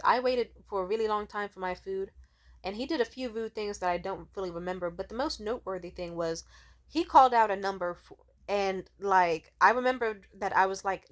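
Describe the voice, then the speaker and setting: A young woman telling a story in a casual vlog rant, exasperated, swearing often and talking in an animated way. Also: mid-range voice.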